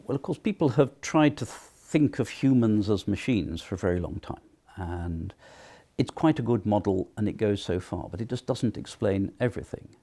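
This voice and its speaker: A man giving a measured, explanatory documentary interview as an academic. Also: lowish voice, animated, warm tone.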